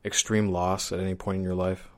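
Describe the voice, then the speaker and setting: A man's voice: low voice, level tone, a little fast. A man talking casually on a podcast, asking curious, probing questions. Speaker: podcast guest and production manager.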